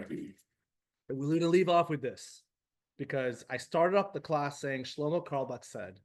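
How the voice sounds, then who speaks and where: Animated man teaching a class. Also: fairly high pitch, normal speed. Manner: animated, emotional, addresses class directly. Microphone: live class also streamed to video call.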